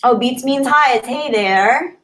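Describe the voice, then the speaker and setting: The livestream host's voice is high-pitched, a bit bright, and a little slow as she chats casually from home in Southern California. She laughs along while reading out viewer comments.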